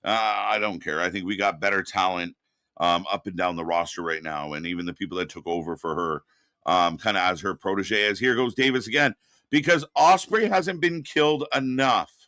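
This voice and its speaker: A man hosting a live wrestling watch-party stream, ranting with exasperation and profanity, then answering chat messages more calmly. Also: deep voice, moderate pace, no echo, clean studio sound. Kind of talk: live reaction commentary, reading chat.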